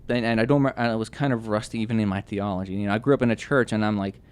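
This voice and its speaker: A young man telling his personal testimony as a podcast guest, earnest and halting, with many restarts and fillers. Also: fairly low pitch, steady tone, clean tone.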